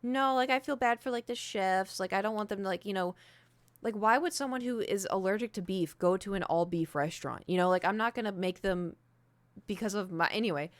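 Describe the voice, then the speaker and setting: A young woman streamer telling a rambling story to her chat, animated, with lots of "like" and acted-out quotes. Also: mid-range voice, brisk, dry recording. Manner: animated, rambling, heavy use of "like", acts out quoted speech.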